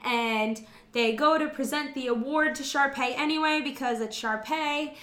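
A woman's voice: sits high, moderate pace, echoey room. A woman recapping a movie in casual chat, laughing often and acting out the characters' lines. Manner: laughing, animated, acts out lines and sings snatches.

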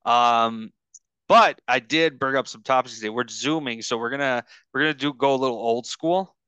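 A podcast host chatting casually over a video call, rambling and halting with lots of fillers. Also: male voice, medium pitch, pushed and bright, clean tone, no room sound, dull audio. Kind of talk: casual chat.

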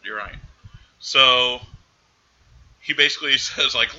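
A man's voice: medium pitch, takes it slowly, pauses often, bright, forceful tone, dull audio. A man co-hosting a casual podcast, animatedly retelling a film's scenes and acting out its characters' lines. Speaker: podcast co-host. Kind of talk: casual movie recap chat.

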